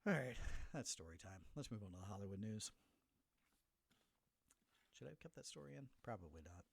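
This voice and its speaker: A man's voice: fairly low pitch, brisk, gravelly, slight background noise. A middle-aged man hosting a solo podcast, telling a story with animation and acting out the voices of the people in it. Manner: animated storyteller who acts out the voices of others. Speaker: podcast host.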